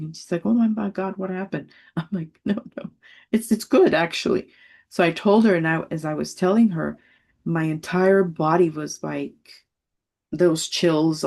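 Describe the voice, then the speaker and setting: Low gravelly woman telling a story. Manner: animated, acts out quoted voices, laughs often. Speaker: study group member. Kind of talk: casual storytelling on a video call. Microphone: video call.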